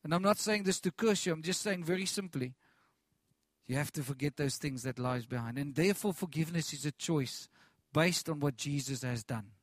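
A man's voice: a little high, fairly quick, no room sound. A man preaching a sermon with passion, repeating phrases, restarting lines and calling out to the congregation.

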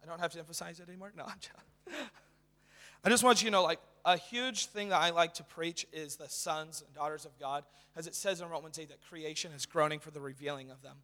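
Young man, guest preacher, casual excited sermon, lots of fillers, high-pitched, echoing church hall. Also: brisk. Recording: reverberant hall.

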